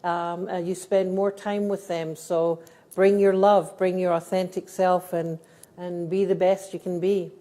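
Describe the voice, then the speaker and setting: A woman's voice: lowish voice, little pitch movement, measured pace, warm tone. A middle-aged woman with a Scottish accent, a guest speaker telling stories and answering questions at a live event for teachers. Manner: storytelling, laughing, earnest. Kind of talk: live talk and Q&A.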